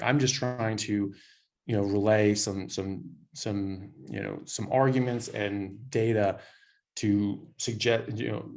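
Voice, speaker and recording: Low, easygoing man from Southern California, a doctor telling stories with restarts. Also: creaky, a little mellow. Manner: storytelling, laughing, frequent restarts. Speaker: doctor, guest. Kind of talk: casual interview chat.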